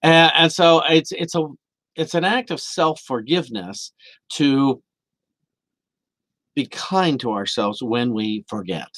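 A man delivering a sermon as minister to a camera for a livestream, earnest and animated. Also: mid-range voice, slow, long pauses, dry recording. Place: indoor room of a church.

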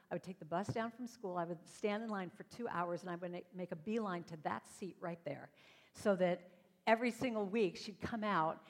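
Her medium-pitched voice carries a long reverb tail as she stands on stage before a live audience. This inspirational speaker tells her stories animatedly and performs the voices in them.

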